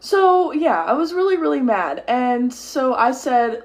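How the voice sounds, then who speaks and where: A woman's voice: fairly high pitch, animated, a little slow, hardly any pauses. Heated, rambling young woman storyteller. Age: young adult. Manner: rambling, heated, swears, many "like" fillers. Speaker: storytime creator. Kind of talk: casual storytime monologue. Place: at home at a mirror.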